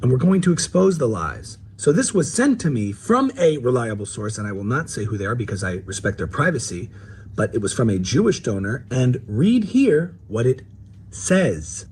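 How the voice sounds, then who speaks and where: A man with a mid-range, slightly mellow voice plays a paranoid female commentator in a parody sketch. At a normal speed, he delivers mock-serious, theatrical lines with swooping emphasis and big pitch swings, over slight background noise.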